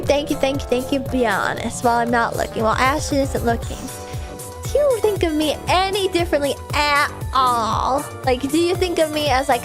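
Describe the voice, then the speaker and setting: A woman streaming a video game, chatting excitedly and casually, swearing now and then. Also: high-pitched. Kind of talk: casual gameplay livestream chat. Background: faint game music.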